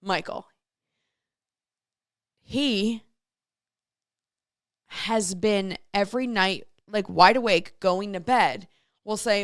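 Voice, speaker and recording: A woman's voice: mid-range voice, very slow, long pauses, no echo, clean studio sound. A woman hosting a radio show solo, telling a story in a chatty way and reading listener messages aloud. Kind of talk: casual solo radio chat.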